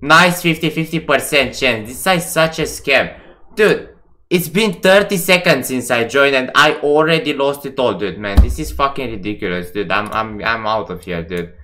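A man talks over his own live gambling stream, swearing and ranting in exasperation. His voice is bright and forward, pitched in an ordinary middle range for a man. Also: expressive, normal speed, slight background noise.

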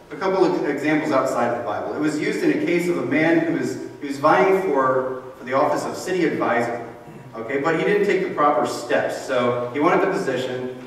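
A man preaching a sermon in a relaxed, conversational way, explaining scripture and briefly acting out the people he quotes. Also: mid-range voice, fairly quick. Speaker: pastor. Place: church sanctuary. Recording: roomy echo from a distant mic with faint noise.

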